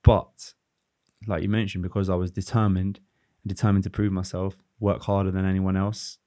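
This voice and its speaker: A man in his thirties, a former footballer, talking through his career in a relaxed, reflective podcast chat with many restarts. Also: low-pitched, normal speed, dry recording, clean studio sound. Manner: reflective, rambling with restarts and fillers. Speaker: former professional footballer, guest. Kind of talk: casual podcast conversation.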